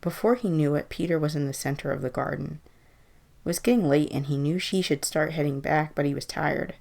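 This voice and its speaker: Low-voiced woman reading a horror story. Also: a little fast, gravelly, darkish tone.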